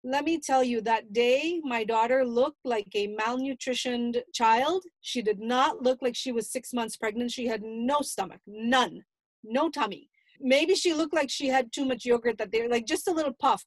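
A woman's voice: on the high side, moderate pace, no room sound. A middle-aged mother recounting an emotional family story, replaying her own past dialogue at length. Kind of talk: personal storytelling.

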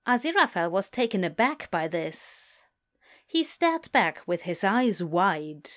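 A woman reading a fan fiction story aloud in a slow, lilting storytelling voice. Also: medium pitch, sing-song, a bit bright.

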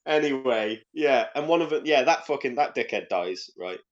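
A man's voice: medium pitch, animated, normal speed, lo-fi sound. A young Welsh man chatting on a casual podcast. He rambles through his stories with plenty of ums and likes, swearing as he goes. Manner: rambling, full of fillers and swearing. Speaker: podcast co-host. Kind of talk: casual chat.

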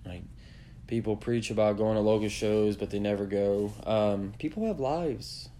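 A man's voice: on the low side, normal speed, dark tone, slight background noise. A man hosting a podcast, delivering a blunt, profanity-heavy rant that lectures his listeners. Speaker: podcast host. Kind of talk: opinionated rant.

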